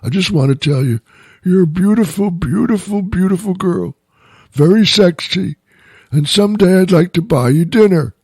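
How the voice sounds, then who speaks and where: A man's voice: sits high, animated, moderate pace, a little mellow, slightly rough, no room sound, studio quality, pitched above the performer's own voice, exaggerated voice. A man putting on a frail, quavery elderly man's voice for a comic bit. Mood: doting.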